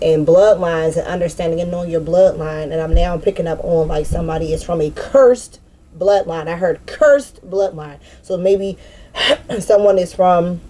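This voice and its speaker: A woman gives a casual spiritual card reading, loose, profane and full of slang. Her voice sits a little low and sounds warm and mellow. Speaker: tarot reader.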